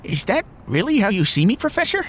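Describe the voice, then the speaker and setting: A man's voice: sits high, big pitch swings, fairly quick, fairly bright tone, a little hiss or hum. A man doing a fussy, erudite blue beast-man. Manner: refined, theatrical exclamations.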